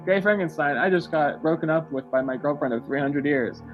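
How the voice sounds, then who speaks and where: A man's voice: on the high side, brisk, dull audio, soft background music, natural voice. A man voicing a heartbroken cartoon pony mare in a goofy, offhand way during a comedy podcast.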